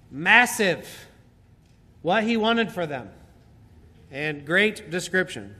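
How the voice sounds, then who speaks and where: A man preaching a sermon, slowly and emphatically explaining a Bible passage and repeating key phrases. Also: high voice, bright, forceful tone. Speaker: pastor. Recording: hall reverb.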